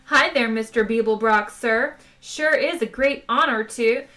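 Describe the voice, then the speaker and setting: A woman's voice: a little high, a little slow, bright, forceful tone. A woman voicing a cheery, overeager male ship's computer in a storybook reading. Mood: chirpy. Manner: bubbly, overeager.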